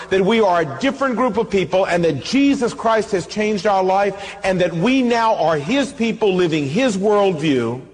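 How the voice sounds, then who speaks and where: A man preaching a sermon, telling a story and acting out both sides of the dialogue in an animated way. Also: high-pitched, big-room sound. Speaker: pastor.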